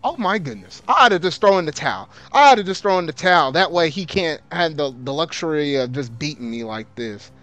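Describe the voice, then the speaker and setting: Male let's-play host, voice a touch high and highly lively, exasperated casual slang, faint game music behind. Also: brisk, few pauses. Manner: exasperated, swings between grumbling and loud outbursts; casual slang, repeats himself. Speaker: gaming video host.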